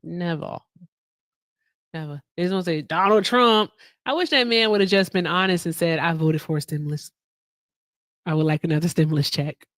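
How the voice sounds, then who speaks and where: Woman, live stream host, lowish voice, dry close sound, jokey, laughs a lot. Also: normal speed, pauses often, fairly bright tone, no echo. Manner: joking, laughs often, talks to chat. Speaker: livestream host. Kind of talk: casual live stream chat.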